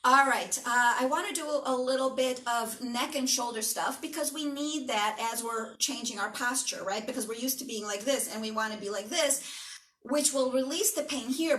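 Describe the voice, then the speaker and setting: A woman's voice: on the high side, a bit bright. A woman teaching a yoga class, giving encouraging instructions and often checking in with "right?". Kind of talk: guided movement class. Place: yoga studio room. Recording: echoey studio from a distance.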